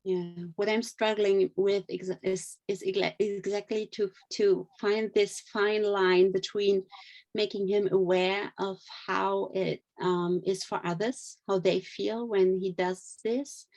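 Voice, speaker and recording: A woman's voice: medium pitch, steady tone, slow, a little mellow. A woman taking part in an online parenting session, talking hesitantly with restarts over a video call. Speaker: participant asking a question.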